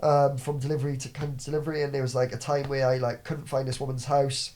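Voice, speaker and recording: Young man, podcast guest, quick and rambling, swears a lot, restarts sentences. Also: mid-range voice, flat delivery, a little mellow. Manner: fast, rambling storytelling with frequent swearing and restarts. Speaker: podcast guest, business owner. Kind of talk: casual chat.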